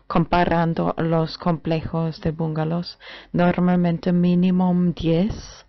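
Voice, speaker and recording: A woman talking hesitantly in a casual vlog, pausing often and switching between English and Spanish. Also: deep voice, dry recording. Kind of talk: casual bilingual vlog talk. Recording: dull lo-fi dry sound.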